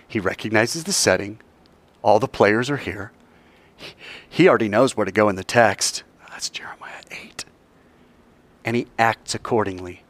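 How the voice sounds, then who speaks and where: A man teaching a classroom Bible lesson, animated and quizzing his class while acting out scenes. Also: fairly low pitch, moderate pace, long pauses. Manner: animated, acts out scenes in voices, asks the class questions.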